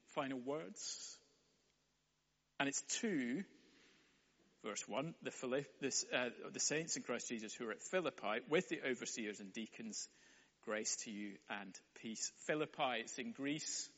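A man's voice: mid-range voice, measured pace, fairly bright tone, breathy edge. A man preaching a sermon in a wry, conversational way. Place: church hall. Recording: echoey hall, dull sound.

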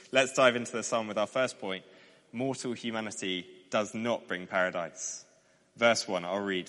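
A man delivering a sermon from the pulpit, his voice ringing with a long reverb around a church hall. He reads the scripture with emphatic, lifted praise, then drops to a low, soft close at the end of his phrases. His pitch sits in an ordinary middle range. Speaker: preacher.

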